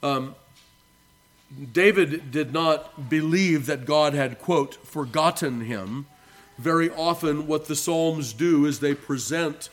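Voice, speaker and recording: Man, pastor, sermon commentary, somewhat high voice, earnest, repeats key points. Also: takes it slowly.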